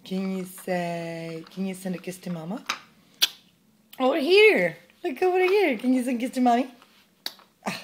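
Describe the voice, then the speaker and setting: A woman's voice: mid-range voice, expressive, moderate pace, long pauses, a little hiss or hum. A pregnant mother filming at home, coaxing her toddler with sing-song, encouraging questions.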